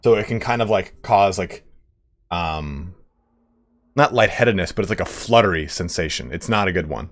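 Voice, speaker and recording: A man's voice: deep voice, normal speed. A man streaming a game, telling a story in a chatty, rambling way, swearing freely. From United States. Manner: chatty, swears freely, slips into mock voices.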